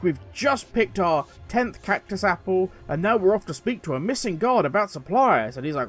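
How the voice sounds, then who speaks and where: A man giving opinionated video commentary as a gaming commentator, animated and sarcastic. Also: sits high.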